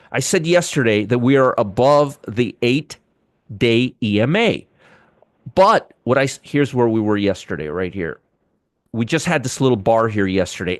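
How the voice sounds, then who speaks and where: A man's voice: mid-range voice, dry recording, studio quality. A man hosting a daily market commentary, casually walking through chart levels and repeating key points with emphasis. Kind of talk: casual trading analysis monologue.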